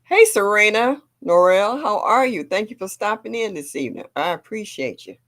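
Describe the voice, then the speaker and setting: A woman's voice: mid-range voice, lively intonation, moderate pace, a bit bright. An older woman hosting a gardening livestream, chatting casually and reading viewer comments aloud. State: a little sore.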